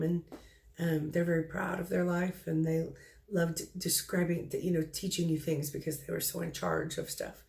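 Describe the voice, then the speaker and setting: A middle-aged woman working as a psychic medium, relaying spirit messages in a halting, soft-spoken way with many pauses and restarts. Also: low voice, flat delivery, gravelly.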